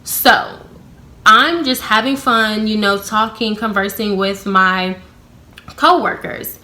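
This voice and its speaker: A young woman vlogs a storytime in a casual, unfiltered way, swearing freely and leaning on "like" between phrases. Her voice is bright and a little sharp. When she acts out her own comebacks, her sarcasm gets animated. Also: medium pitch, takes it slowly. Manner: blunt, profane, heavy use of "like" fillers. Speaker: vlogger.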